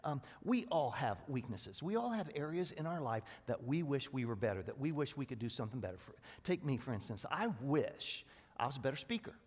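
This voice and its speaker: A man preaching a sermon as pastor, talking quickly in a folksy, plain-spoken way. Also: mid-range voice, sing-song. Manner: fast-talking, self-described; folksy, rural American speech. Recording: long reverb of a large hall.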